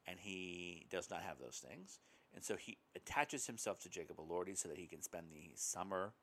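Deep-voiced and animated, a podcast co-host discusses films casually at a moderate pace, his tone a bit bright. His talk rambles, with frequent hesitant ums and uhs.

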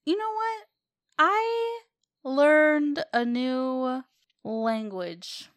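A woman's voice: high voice, drawn-out words. A woman co-hosting a podcast in casual chat, rambling and giggling, swearing freely. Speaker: podcast co-host.

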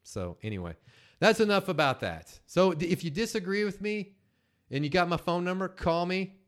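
A man in his forties hosting a podcast, telling a story with teasing, animated banter. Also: high-pitched, moderate pace. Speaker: main host.

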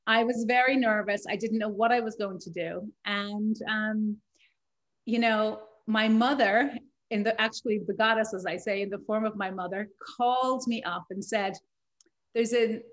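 A woman with a faint Irish lilt answers interview questions in a warm, chatty way, often breaking into laughs. Her pitch sits in the middle. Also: steady tone, normal speed, low-quality recording. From Ireland. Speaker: interview guest, life coach. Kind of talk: conversational interview.

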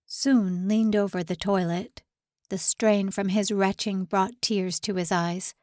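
A woman narrates a suspense novel as an audiobook, giving a measured, even reading of the scripted text. Her voice is medium-pitched, and the studio sound is clean with no echo.

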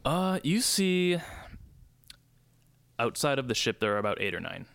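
A man's voice: mid-range voice, very animated, a little slow, vocal fry, a bit bright, smooth, no echo. A man narrating as dungeon master of a tabletop game, laid-back and chuckling.

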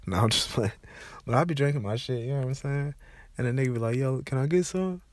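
A man's voice: mid-range voice, fast, no room sound. A young man with a congested, stuffed-up voice, telling loose, profane stories in a casual rant. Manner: loose, profane, animated storytelling.

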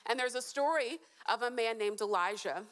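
A woman's voice: a little high, normal speed, fairly bright tone. A woman giving a short, earnest sermon to a live audience, asking them questions and encouraging them. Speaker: speaker at a church event.

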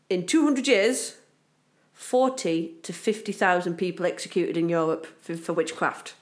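A woman from Britain co-hosting a podcast in casual, playful chat. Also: fairly low pitch. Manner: playful, bursts into silly voices and laughter. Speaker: podcast co-host.

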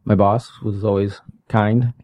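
A man's voice: fairly low pitch, level tone, measured pace, mellow, lo-fi sound. A man chatting casually and telling a story from his working past. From California. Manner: storytelling, puts on voices when quoting people. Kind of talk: casual chat.

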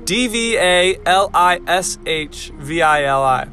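A man's voice: sits high, expressive, slow pace, few pauses, bright, forceful tone, soft background music. A young man giving a casual, profane rant about fight results, blunt and rambling with lots of fillers, stopping to spell out hard names letter by letter. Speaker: fight-sport vlogger.

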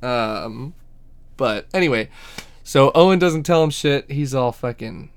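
A man on a podcast talks through a TV episode in loose, casual chat, swearing freely and joking as he goes. His voice is smooth and resonant at a middle pitch for a man. Now and then he drops into the characters' lines. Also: expressive, a little slow. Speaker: podcast co-host.

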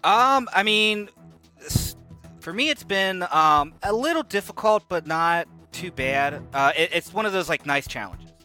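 Guy in the cast answering questions, bright sharp voice, lots of ums. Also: sits high, lively intonation, measured pace, faint music behind. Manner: hesitant, searching for words. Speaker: cast member. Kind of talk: casual interview answer.

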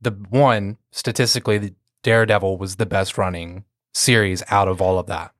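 A man with a low voice and a sore throat talks in an easygoing podcast chat. He rambles and restarts his sentences often. The sound is dry and close. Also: fairly even intonation, moderate pace, a bit bright, no echo. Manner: rambling, with frequent restarts and fillers. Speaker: podcast guest.

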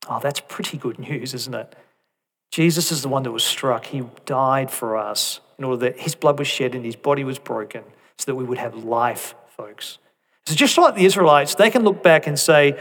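A man preaching a sermon, conversational and animated, swinging between emphatic peaks and soft asides with rhetorical questions. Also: medium pitch, normal speed.

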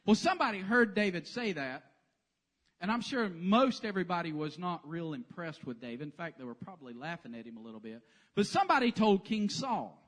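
A man's voice: sits high, fairly quick. A man preaching a sermon in a church sanctuary, telling the story with humor. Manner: animated, joking storyteller. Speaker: pastor.

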